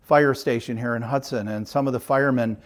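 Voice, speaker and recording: A man's voice: medium pitch, steady tone, brisk. Middle-aged man preaching emphatic sermon. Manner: earnest, emphatic preaching in repeated parallel phrases. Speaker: pastor.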